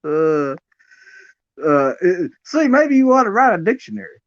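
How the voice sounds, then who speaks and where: A man's voice: high voice, big pitch swings, measured pace, no echo. Guy hosting a chat show, bouncy voice, dead dry muffled audio. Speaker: host. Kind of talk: casual interview chat.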